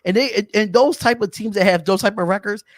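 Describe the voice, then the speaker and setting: A man hosting a casual sports talk podcast, animated and chatty, calling out to viewers. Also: high voice, fairly quick, dry recording, studio quality. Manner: animated, shouts out viewers, says y'all. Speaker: podcast host.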